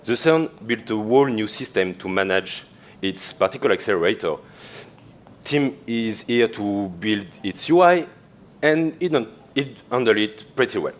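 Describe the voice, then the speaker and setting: A man's voice: lowish voice, animated, measured pace, slight background noise. Chatty French-accented man on stage. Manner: chatty, laughs easily, many fillers. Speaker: conference speaker. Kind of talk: conference talk. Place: conference stage.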